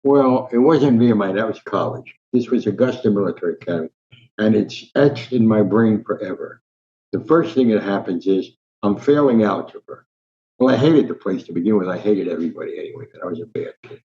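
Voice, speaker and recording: Here's an older man from Newark, NJ, a sports columnist being interviewed, spinning lively anecdotes and mimicking the people in them. His voice sits on the low side and he talks briskly, on a lo-fi recording that sounds a bit dull.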